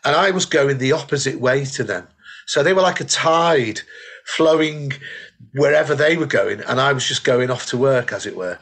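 A man's voice: mid-range voice, moderate pace, a bit bright. A middle-aged British man, a comedian co-hosting a podcast, chatting casually and telling anecdotes between laughs. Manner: storytelling, laughing often, restarts. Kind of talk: casual chat.

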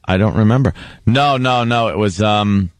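A man's voice: fairly low pitch, moderate pace, smooth, no echo. Man, radio co-host, laughing, defensive, dry studio sound. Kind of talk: casual radio banter. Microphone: studio mic.

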